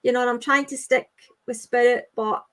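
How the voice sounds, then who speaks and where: High-pitched woman medium, gentle and halting, reassuring tone. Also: steady tone. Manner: halting, repeats phrases, soothing with "okay, sweetheart". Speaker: medium giving readings. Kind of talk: live online spirit reading.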